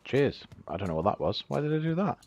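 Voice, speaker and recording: A man's voice: mid-range voice, big pitch swings, very fast, vocal fry, darkish tone, a little hiss or hum. A man chatting casually and laughing often while he plays a game on a livestream. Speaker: streamer playing the game. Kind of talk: casual gaming livestream chat.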